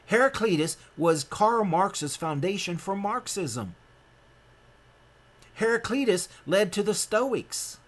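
A man's voice: expressive, slow pace, a bit bright. A man from Nebraska giving a sermon-style lecture, emphatic and rambling, often restarting his sentences. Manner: emphatic and rambling, with frequent restarts and sudden rises in pitch.

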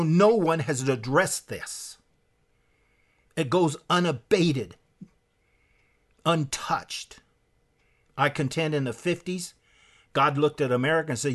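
Male preacher, fairly high pitch, emphatic and fiery, reads quotes aloud from a book. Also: lively intonation, slow pace, pauses often. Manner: emphatic, with sharp swings in pitch and loudness. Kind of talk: impassioned sermon-style lecture.

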